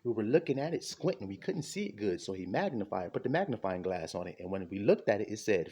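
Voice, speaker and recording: A man preaching an impassioned sermon, fervent and repetitive, with a husky voice. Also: fairly low pitch, big pitch swings, quick pace, few pauses, dark tone. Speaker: street preacher.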